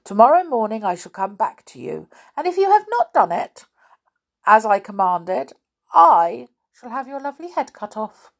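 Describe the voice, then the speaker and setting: A woman's voice: fairly high pitch, big pitch swings, normal speed, gravelly, voice pushed up, full character voice. A woman voicing a greedy, stern king who gives threatening commands. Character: greedy stern male king, middle-aged.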